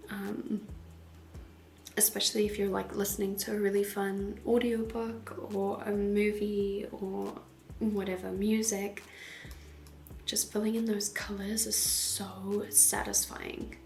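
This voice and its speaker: A woman tattoo artist giving casual, rambling voice-over commentary, often soft and half-whispered, with giggles. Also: medium pitch, level tone, slow, creaky.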